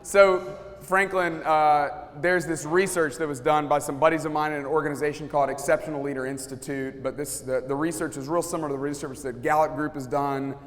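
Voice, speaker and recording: A pastor speaking casually to a live audience, telling stories and acting out what people said, with many restarts. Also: male voice, fairly high pitch, steady tone, brisk. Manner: storytelling, acts out quotes, many restarts. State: sweating, feels hot. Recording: long hall reverb.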